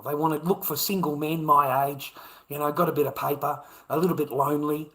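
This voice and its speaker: A man's voice: a little high, level tone, fairly quick, a bit bright, poor audio. A man in a casual monologue, blunt and heavily profane, hammering his points home by repeating them. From Australia. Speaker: vlogger.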